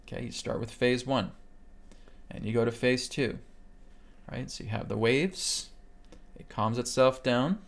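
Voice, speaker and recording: A man with a gravelly voice leads a live online lesson, steadily talking listeners through breath work. He speaks in an even, flat tone and keeps checking in with "okay?" as he guides them step by step. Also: mid-range voice, measured pace, pauses often. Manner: calm guiding delivery, keeps checking in with "okay?". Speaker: meditation instructor. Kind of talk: live webcast teaching a healing technique.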